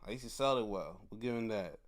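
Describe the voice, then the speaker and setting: A man reviewing wrestling shows in casual commentary, excitable and profane, often putting on mock outrage. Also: lowish voice, fast.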